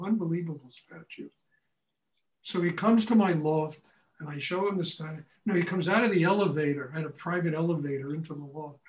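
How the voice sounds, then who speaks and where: An older man teaching a meditation class, telling stories in a blunt, animated way, often breaking into laughter. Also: fairly high pitch. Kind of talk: storytelling lecture. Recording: echoey room, far from mic.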